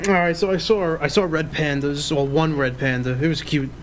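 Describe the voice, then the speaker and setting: A man's voice: on the high side, moderate pace, a little hiss or hum, rough recording. A man co-hosting a podcast in casual chat, rambling and filling his talk with "like". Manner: rambling, heavy use of filler "like". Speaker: podcast co-host.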